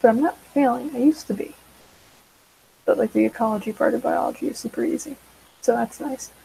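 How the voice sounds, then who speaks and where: Rambly teenage girl, high mellow voice. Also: brisk, vocal fry, a little hiss or hum, poor audio. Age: teens. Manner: rambling, full of fillers and side tracks. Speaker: vlogger. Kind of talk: casual rambling chat while drawing.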